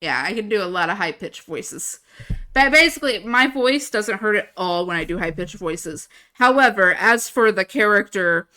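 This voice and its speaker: Young woman streamer, giggly casual chat, bright tone, close desk mic. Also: mid-range voice, lively intonation, moderate pace. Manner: chatty, giggly, self-amused. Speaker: livestreamer.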